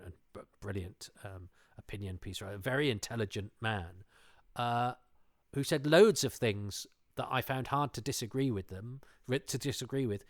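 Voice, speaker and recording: A man's voice: mid-range voice, no echo, studio quality. A man chatting casually, enthusiastic and digressive with a self-deprecating streak. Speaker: show panelist. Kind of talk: casual chat.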